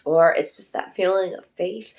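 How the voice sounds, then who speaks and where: A woman's voice: lowish voice, normal speed, a little mellow. Chatty, emotional woman tarot reader. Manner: emotional, chatty, swears and laughs freely; speaks fondly to viewers as darlings and sisters. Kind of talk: pick-a-card tarot reading.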